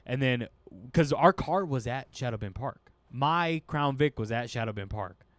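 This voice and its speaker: A man's voice: medium pitch, moderate pace, no room sound. A man, a guest comedian, telling a wild story in casual chat, rambling and acting out what people said. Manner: rambling, animated, acts out quotes.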